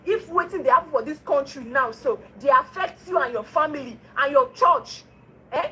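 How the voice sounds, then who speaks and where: Woman, Nigerian Pidgin accent, high voice, scolding commentary with repeated rhetorical questions. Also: expressive, normal speed, pushed and bright, a little hiss or hum, poor audio. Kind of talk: political commentary.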